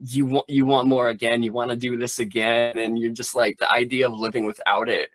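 A man's voice: medium pitch, flat delivery, brisk, fairly bright tone, no room sound. A man who does stand-up comedy talking in a rambling, candid way, swearing freely in a casual interview.

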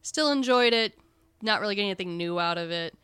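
Casting: woman, smooth clear voice, dry close sound, candid podcast co-host. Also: medium pitch, quick pace, no room sound. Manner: candid, swears casually, lively. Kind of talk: casual podcast film discussion.

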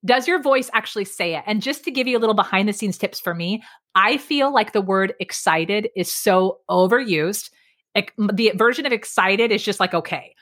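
A woman speaking coach talks with an energetic, emphatic drive, often poking fun at herself. Her voice is bright and clear, pitched in the middle range. The sound is a casual video-call chat. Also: normal speed. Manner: energetic, emphatic, self-deprecating. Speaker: public speaking coach, podcast guest.

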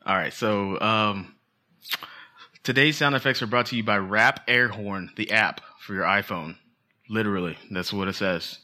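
A man's voice: fairly low pitch, moderate pace, bright, forceful tone. A man co-hosting a podcast, chatting casually in a playful, jokey way. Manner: playful, jokey, trails off into asides. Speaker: podcast co-host. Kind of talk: joking casual chat.

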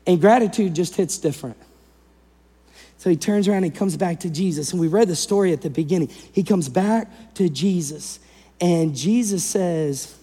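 A male pastor preaching a sermon in an animated way, acting out the people in the story and swinging between loud and hushed delivery. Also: high voice, normal speed, breathy edge, long reverb tail.

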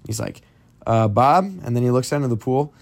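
A man's voice: mid-range voice, steady tone, fast talker, creaky, dark tone. A young man telling a spooky story to friends in a casual, rambling way, full of "like" and "um.". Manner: rambling, heavy on "like" and "um" fillers. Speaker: podcast storyteller.

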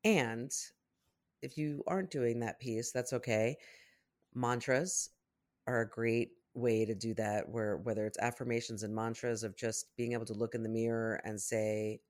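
A woman co-hosting a casual chat, giving gentle, encouraging self-care advice. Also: very deep voice, steady tone, normal speed. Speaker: podcast co-host.

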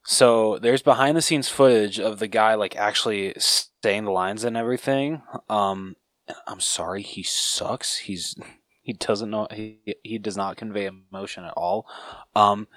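A man with a somewhat low voice talks casually in podcast banter. He often hesitates and restarts, dropping fillers along the way. The recording is dry and close-miked. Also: fairly even intonation, measured pace, fairly bright tone, no room sound. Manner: chatty, hesitant, says um and dude a lot. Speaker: podcast co-host. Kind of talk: casual movie chat.

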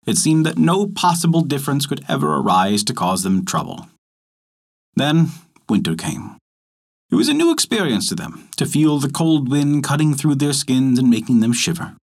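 A man narrating a folk tale in a measured, expressive storytelling manner, as host of a story podcast. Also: medium pitch. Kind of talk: scripted narration.

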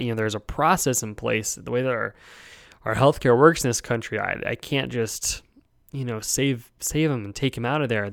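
Gravelly-voiced man telling a heartfelt story. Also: medium pitch, dry recording, studio quality. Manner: halting, heartfelt, many fillers and restarts. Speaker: podcast host and hospice worker. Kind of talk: personal storytelling.

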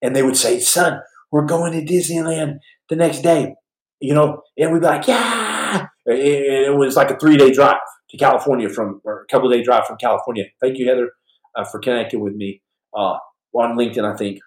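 A man's voice: mid-range voice, steady tone, fast talker. A man in his forties hosting a podcast livestream, telling stories in a rambling, jokey way and answering chat questions. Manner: rambling, jokey, swings between loud bursts and soft mumbles. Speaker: podcast host. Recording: echoey room.

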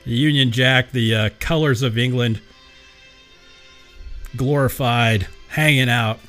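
A man's voice: medium pitch, fairly even intonation, slow, long pauses, fairly bright tone, soft background music. A man hosting his own podcast in a casual, rambling solo monologue, chatting along and laughing at himself. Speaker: podcast host.

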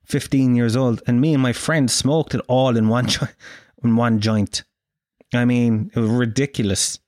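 A man's voice: mid-range voice, dry recording, clean studio sound. Swearing Irish man telling a story. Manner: profane, animated anecdote with acted-out quotes. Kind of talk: casual storytelling.

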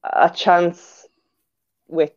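A woman's voice: fairly low pitch, level tone, extremely slow. A woman guest on a podcast in casual chat, laughing and agreeing often. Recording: dull lo-fi sound.

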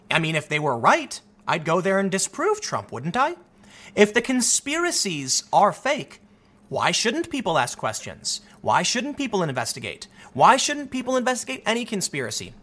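A man talking through a casual commentary monologue, animated and often restarting his sentences. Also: high voice, a little fast. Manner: animated, repeats himself, many restarts. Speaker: commentary host.

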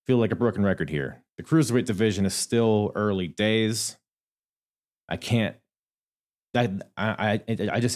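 A young adult man hosting a solo podcast, talking casually and thinking out loud with frequent fillers and restarts. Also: lowish voice. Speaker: podcast host.

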